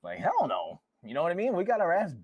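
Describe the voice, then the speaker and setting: A man's voice: high-pitched, huge pitch swings, fast talker, slightly rough, no room sound, dull audio. A man who is a father, co-hosting a podcast in blunt casual chat and swearing freely. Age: adult father. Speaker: podcast co-host.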